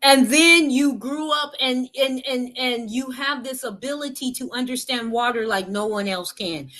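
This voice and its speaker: A woman's voice: high-pitched, measured pace, bright, forceful tone, poor audio. A woman giving an earnest motivational talk, repeating her points and often checking in with "right?". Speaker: motivational speaker.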